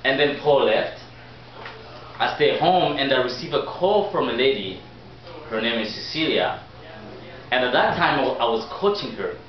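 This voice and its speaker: Animated man telling his story, echoey room. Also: mid-range voice, normal speed, long pauses. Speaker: life coach. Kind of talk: motivational personal storytelling. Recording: echoey room, distant dull mic.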